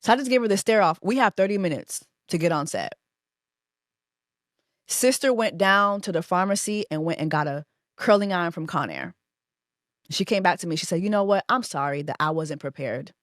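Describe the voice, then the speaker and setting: A woman in her thirties tells a story on her podcast in a loose, animated, profane way. Her voice is middle in pitch. It is recorded dry and close, with no room sound. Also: a little fast, long pauses, dry recording. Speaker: podcast host. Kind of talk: casual storytelling monologue.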